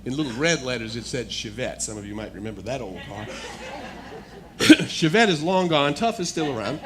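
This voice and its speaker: A man speaking as a guest speaker, telling a personal testimony in a storytelling manner that builds to animated excitement. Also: medium pitch, normal speed, noisy background.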